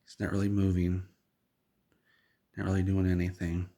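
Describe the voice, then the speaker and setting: A male storyteller who narrates an absurd tale in the second person, rambling in a deadpan way. His voice is very low, with a gravelly fry and a husky edge. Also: normal speed.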